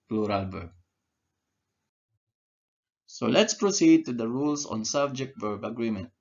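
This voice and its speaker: A man with a medium-pitched voice gives a slow, deliberate English grammar lesson, asking questions, answering them himself, and repeating key words. The highs in the audio are cut off.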